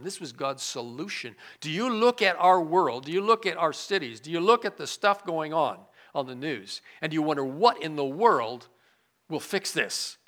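Man, pastor, sermon, bright tone, slightly high pitch, loud-to-quiet dynamics. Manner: swings from loud emphasis to quiet asides.

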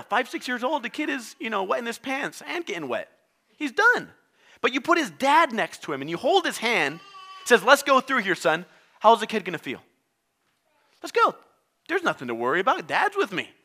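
Animated high-voiced preacher man. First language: Spanish. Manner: animated, acts out inner voices and quotes. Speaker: pastor. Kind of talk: sermon.

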